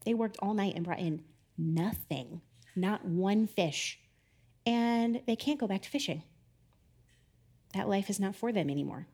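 A woman's voice: mid-range voice, measured pace, long pauses, dark tone, husky. A young woman giving a casual sermon, chatty and self-deprecating, laughing often and acting out the people she quotes. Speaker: preacher.

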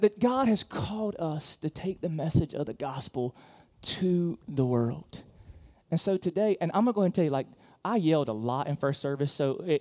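A man in the pulpit delivering a sermon with a voice pitched a little above the usual male range. His talk is loose and conversational, full of fillers and restarts. He shifts from loud emphatic bursts to quiet, close asides. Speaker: pastor. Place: church auditorium.

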